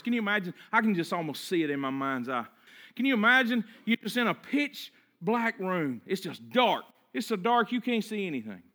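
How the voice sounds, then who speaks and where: A man preaching a sermon, dropping to a hush and then building to emphatic, rhythmic repeated phrases. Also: sits high, very animated, fairly quick. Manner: swings between hushed and emphatic preaching; repetitive, rhythmic lists of phrases. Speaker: pastor.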